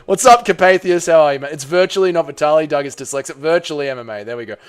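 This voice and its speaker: A fast-talking Australian streamer with a fairly high pitch and clean tone reads chat messages on a casual live stream. He trades banter with his audience and doesn't hold back on swearing.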